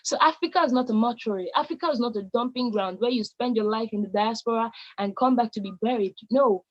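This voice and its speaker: A woman's voice: a little high, fast talker, dull audio. A Nigerian woman in her late teens giving an emphatic, repetitive motivational speech to young people. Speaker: youth speaker.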